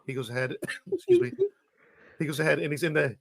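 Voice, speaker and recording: Male panelist, slightly high pitch, loose rambling delivery; dry, close sound. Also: wildly swooping pitch, fast, creaky, a bit bright, no room sound. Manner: rambling, keeps asking "right?". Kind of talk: casual movie review chat.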